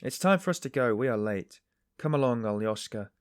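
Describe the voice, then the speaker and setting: Man putting on a loud, uneasy workman. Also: medium pitch, expressive, a little fast, no echo, clean studio sound, lightly acted. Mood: agitated. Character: uneasy older male workman, rough laborer.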